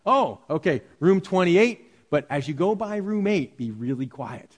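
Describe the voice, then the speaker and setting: Saint Peter, brisk heavenly gatekeeper, told by a man. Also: on the high side, very animated. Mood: matter-of-fact. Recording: reverberant hall.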